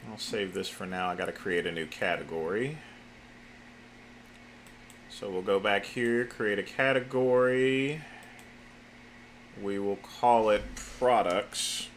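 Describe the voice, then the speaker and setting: A man's voice: on the low side, slow, long pauses, slight background noise. A man livestreaming while he works at a computer, muttering his steps to himself and cursing now and then. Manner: mutters to himself, curses in frustration. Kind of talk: casual livestream talk while working.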